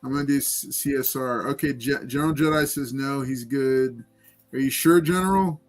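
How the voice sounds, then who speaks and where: A man's voice: mid-range voice, normal speed, soft background music. A man hosting a casual livestream chat and giveaway, talking loosely with many fillers. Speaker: livestream host running giveaways.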